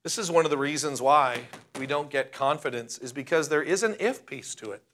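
Forceful, bright-voiced male pastor preaching. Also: fairly high pitch, slight background noise. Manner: emphatic, slowing down to stress key words. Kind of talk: sermon.

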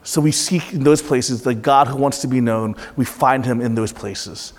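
A man's voice: mid-range voice, moderate pace, in a large hall. A pastor in his thirties preaching to a congregation, calling out questions and repeating back the answers with emphasis. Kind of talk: interactive sermon.

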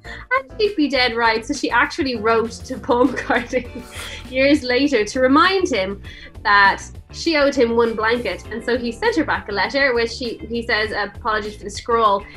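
A woman's voice: on the high side, expressive, normal speed, fairly bright tone, soft background music. A woman with an Irish accent and a slight mid-Atlantic twang, co-hosting a radio show in casual, chatty talk and laughing easily. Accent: Irish with a mid-Atlantic lilt. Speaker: radio co-host. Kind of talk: casual chat.

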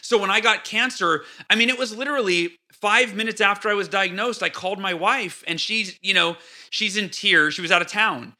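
Male podcast guest, energetic storyteller; high, sharply bright tone. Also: moderate pace. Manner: energetic storyteller, acts out his own reactions. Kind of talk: conversational interview answer.

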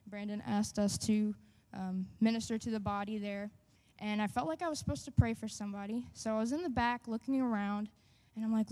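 A woman sharing a personal testimony in church, earnest and halting, with many fillers. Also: fairly high pitch, mellow, long reverb tail. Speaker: church member giving testimony.

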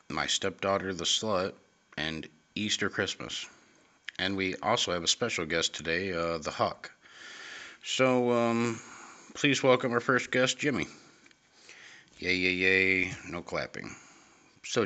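A young man hosting an amateur comedy podcast, hesitant and deadpan, with many pauses. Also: low voice. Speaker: host.

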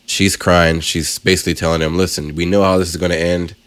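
A male podcast co-host excitedly retelling a film in casual chat. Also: low-pitched, fairly quick, dry recording. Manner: excited, animated storytelling.

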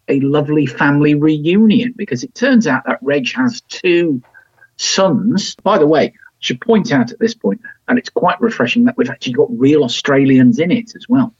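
A man's voice: mid-range voice, a little mellow, husky, no echo. A man hosting a casual review podcast, chatty and wry, with plenty of ums and restarts. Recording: dry, slightly dull home recording.

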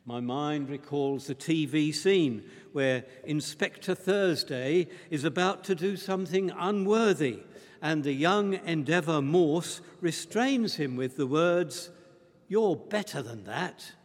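A man preaching a sermon at a slow, deliberate pace. His voice sits fairly high for a man, and each point comes out emphatic and measured. Long reverb trails after his words, as in a large church hall.

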